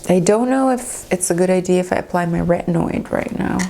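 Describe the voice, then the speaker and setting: Woman, 20s, home vlogger, candid and jittery; low gravelly voice, noisy room recording. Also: a little fast, warm tone. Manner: nervous, candid, complaining of pain. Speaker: beauty vlogger. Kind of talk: casual vlog talk to camera. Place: at home indoors.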